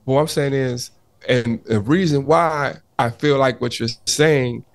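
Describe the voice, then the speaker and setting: A man in a heated but casual podcast debate, his pitch sitting in the middle of the range. He talks in a bursting, animated way and keeps restarting sentences, cutting in to hold his turn. The sound is dry and close, with little room. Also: measured pace, no echo. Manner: animated, restarts often, repeats "hold on" to cut in. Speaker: podcast co-host.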